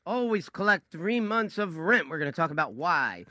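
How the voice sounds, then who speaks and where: A male radio host with a bright, slightly high voice, delivering a promotional opening. His delivery is upbeat and clear, and the sound is close and dry. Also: lively intonation, fairly quick, few pauses, no echo.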